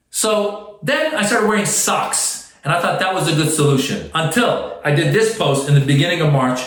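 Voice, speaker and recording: A man's voice: a little high, expressive, moderate pace, few pauses. A man telling a comic story, exasperated, breaking into indignant outbursts. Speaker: comedian. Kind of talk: comedic storytelling. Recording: very echoey room.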